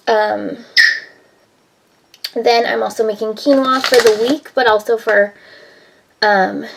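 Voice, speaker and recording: A woman talks casually as she cooks in her home kitchen. She rambles from one thought to the next and fills her speech with "like" and "um". She has a relaxed, everyday vlogging manner. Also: mid-range voice, creaky, noisy background. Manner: chatty, rambling, heavy use of "like" and "um". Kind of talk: casual vlog chat.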